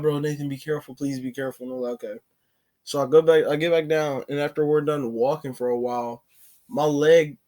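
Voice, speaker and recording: A man's voice: mid-range voice, darkish tone. A man telling a personal story in a casual, rambling way, full of "like" fillers and self-corrections. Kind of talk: casual story-time narration.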